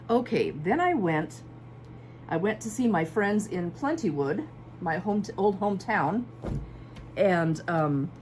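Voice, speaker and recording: Chatty woman in her fifties, lowish voice. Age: 50s. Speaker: quilting channel host. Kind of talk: casual chat showing fabric. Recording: faint background hum.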